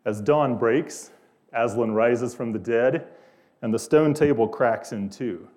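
A man's voice: medium pitch, takes it slowly, a little mellow. A male pastor preaching an earnest sermon, posing questions to his listeners.

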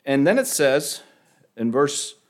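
A man preaching a sermon, halting and repeating words, rising sharply on key phrases. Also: medium pitch, sing-song.

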